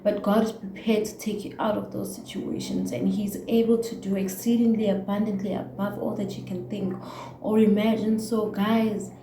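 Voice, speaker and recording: A woman's voice: mid-range voice, level tone, normal speed, dark tone, roomy sound, slight background noise, low-quality recording. A young South African woman with a South African accent, ranting heartfelt and preachy to her viewers, mixing in Zulu words. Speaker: YouTuber. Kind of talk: emotional casual rant to camera.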